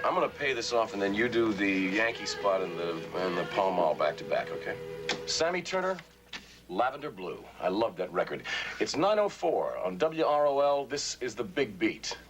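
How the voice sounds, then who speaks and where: Friendly radio DJ, low voice, lively intonation, noisy film audio. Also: male voice. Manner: easygoing, friendly, coaxing. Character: genial male radio DJ, middle-aged, relaxed and kind. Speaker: radio disc jockey. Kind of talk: 1950s radio drama film acting. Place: radio studio booth. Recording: film soundtrack with loud background noise.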